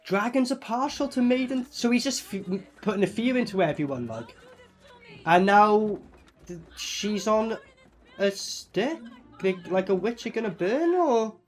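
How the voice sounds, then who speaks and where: A man giving a casual reaction commentary on a film, excitable and profane, rambling with lots of fillers. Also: high-pitched, a little slow. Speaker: movie reviewer.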